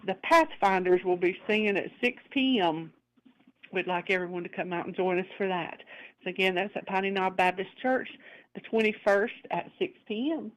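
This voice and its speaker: A woman's voice: mid-range voice, poor audio. Woman reading church and community notices on local radio, plain friendly delivery. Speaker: community reporter.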